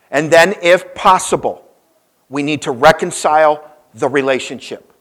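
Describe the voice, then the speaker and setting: Storytelling male preacher, rising emphasis. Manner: storytelling preacher, swings between loud emphasis and soft low asides. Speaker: pastor. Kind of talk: sermon.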